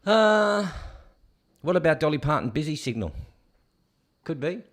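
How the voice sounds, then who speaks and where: This middle-aged Canadian man hosts a casual livestream, reading viewer comments aloud from the chat and breaking into snatches of songs. His voice sits on the high side and is very animated, though his pace stays measured.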